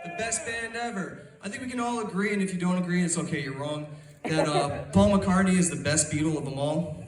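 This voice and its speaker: Young male stand-up, rambling crowd work, a bit high-pitched, roomy live club sound. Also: a little fast. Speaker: stand-up comedian. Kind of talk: stand-up comedy set. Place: comedy club stage. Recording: roomy club, crowd laughter, distant capture.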